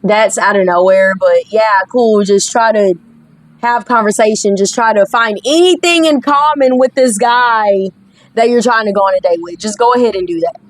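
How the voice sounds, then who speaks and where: A woman's voice: mid-range voice, moderate pace, dry recording. A young woman streaming a dating game, reading its dialogue aloud and reacting with sarcastic, exasperated commentary and the occasional curse. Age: young adult. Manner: sarcastic, exasperated, swears freely. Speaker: gaming streamer.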